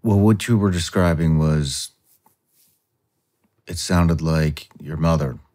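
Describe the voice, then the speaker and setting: A man hosting an interview, asking his questions in a halting way and repeating words as he works out what to say. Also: very deep voice, mellow. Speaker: podcast host.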